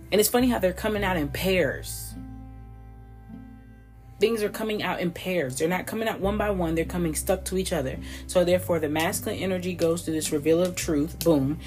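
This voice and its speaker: A woman doing a casual spiritual card reading, rambling and restarting her sentences, swearing freely and talking straight to her listeners as y'all. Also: on the low side. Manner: rambling, profane, frequent restarts; addresses listeners directly as y'all. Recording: clear music playing behind.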